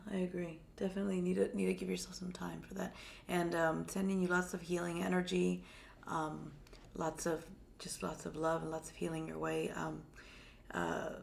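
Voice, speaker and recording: A woman with a sore, slightly gravelly throat gives psychic readings on a live stream. She keeps her voice low and soft, trailing and repeating words as she reaches for what she senses. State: sore throat, speaking quietly. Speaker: psychic reader, co-host.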